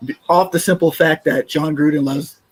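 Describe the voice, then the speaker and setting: Podcast guy, kinda high voice, laid back, talks through his picks. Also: moderate pace, slightly rough. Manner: relaxed, chatty, laughs easily, stumbles on words. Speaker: podcast co-host. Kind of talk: casual sports talk, mock draft.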